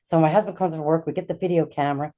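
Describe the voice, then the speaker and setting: A middle-aged woman, a guest on a talk show, telling a personal story with animated energy and acting out the lines of the people in it. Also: sits low, rapid-fire. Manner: animated, acts out quoted dialogue. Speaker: guest, intuitive healer.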